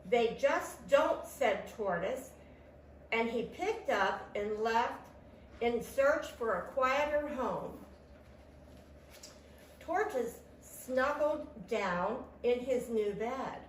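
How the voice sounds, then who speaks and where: Woman reading a picture book slowly. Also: a little high, a little hiss or hum. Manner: slow, animated read-aloud with sound effects. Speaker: storytime reader. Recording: echoey room, mic at a distance.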